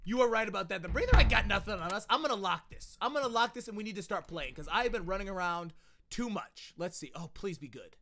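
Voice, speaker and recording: A young man chatting casually on a gaming livestream, reacting loudly and thanking viewers for donations. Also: high voice, quick pace, slight background noise. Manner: excitable, loud outbursts, reads out donations. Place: home.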